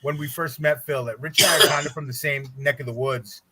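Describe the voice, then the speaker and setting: A man's voice: a little high, steady tone, fairly quick, background noise. A man chatting as a guest on a stream, talkative and apologetic about his swearing. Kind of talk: casual chat.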